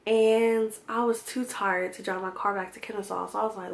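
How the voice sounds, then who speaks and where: A woman's voice: mid-range voice, steady tone, moderate pace, vocal fry. A young woman from Georgia telling a profane, exasperated storytime to her viewers. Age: young adult. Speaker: vlogger. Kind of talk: storytime vlog.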